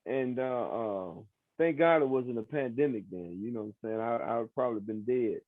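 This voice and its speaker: A man's voice: medium pitch, normal speed, no room sound. Man telling his story, tinny sound. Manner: animated, acts out quoted voices, many fillers. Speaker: exoneree interviewee. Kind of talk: interview storytelling.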